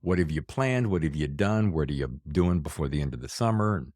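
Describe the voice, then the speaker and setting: Male podcast host, very low voice, playful and enthusiastic, dry sound. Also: lively intonation, a little fast, a little mellow, no echo. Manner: jokey and enthusiastic. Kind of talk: casual interview chat.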